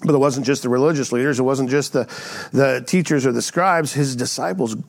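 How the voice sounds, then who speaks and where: A man's voice: mid-range voice, fairly quick, creaky. Man preaching a conversational sermon. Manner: conversational preaching, frequent rhetorical "right?". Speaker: pastor.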